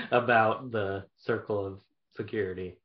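A man's voice: lowish voice, steady tone, unhurried. Casual man host, dull lo-fi sound. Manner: casual, affirming, asks questions. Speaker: podcast host. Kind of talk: conversational interview.

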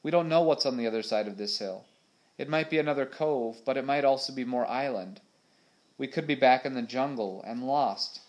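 A man's voice: mid-range voice, moderate pace, darkish tone, natural voice. An earnest, determined young girl from a storybook, reasoning things through with care, voiced by a man reading aloud. Her voice sits a little above the reader's own, in a plain, unforced delivery.

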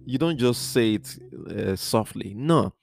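A man's voice: mid-range voice, expressive, measured pace, vocal fry, faint music behind. A man giving an earnest Bible teaching on a podcast, repeating phrases and spelling out words letter by letter.

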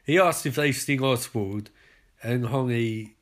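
A British man hosting a podcast, giving an excitable, sarcastic, sweary running commentary on a show. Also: medium pitch, unhurried. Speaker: podcast host.

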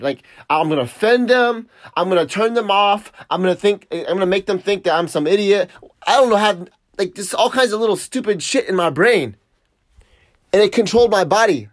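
A man's voice: sits high, no room sound. Man, casual storytelling, swears a lot, laughs often, dry close sound. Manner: profane, laughing, reflective. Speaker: surf vlogger.

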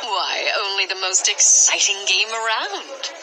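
A woman's voice: medium pitch, lively intonation, measured pace, music in the background, natural voice, rough recording. A woman voicing a scheming sorceress who teases and taunts in a theatrical way, for a storybook adventure. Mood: taunting. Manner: teasing, theatrical.

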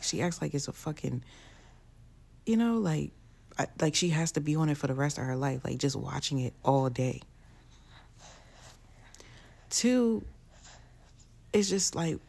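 Young woman, gravelly voice, exasperated profane rant, casual vlog. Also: low voice, a little mellow. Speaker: vlogger. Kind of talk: casual ranting to camera.

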